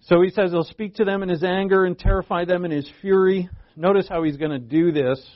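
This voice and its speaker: Casting: male preacher, fifties, slightly high voice, chatty rhetorical delivery, muffled lo-fi sound. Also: fairly even intonation, a little fast. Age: 50s. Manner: conversational, rhetorical questions, frequent restarts. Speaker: pastor. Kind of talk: sermon, Bible teaching. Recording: dull lo-fi recording.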